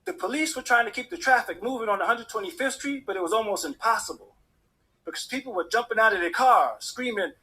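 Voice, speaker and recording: A man telling a personal story in an animated way, acting out the people in it. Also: sits high, fast talker, breathy edge. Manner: animated, acts out the voices of people in his story. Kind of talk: personal story told to an audience.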